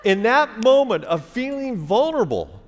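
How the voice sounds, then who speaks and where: A man's voice: very high-pitched, sing-song, moderate pace. A middle-aged man telling a wry, conversational comic story on a theater stage, playing to the audience. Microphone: stage mic. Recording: long theater reverb, faint hiss.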